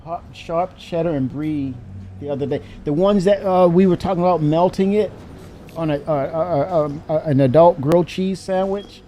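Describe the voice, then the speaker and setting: A man in casual live-stream chat, animated and laughing as he talks to his chat. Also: on the high side, moderate pace, slight background noise.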